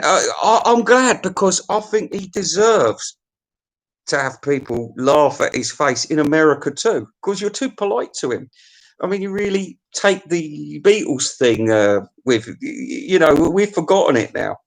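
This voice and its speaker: A man rants through a music countdown in a loose, comic monologue. He swears freely, trips over restarts and repeats himself. His voice sits a little high for a man. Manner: sweary, opinionated, full of restarts and stammers.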